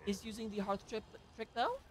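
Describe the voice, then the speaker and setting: A woman casts an amateur esports match, giving chatty, excitable play-by-play with joking asides. Her voice runs on the high side and her pace is brisk.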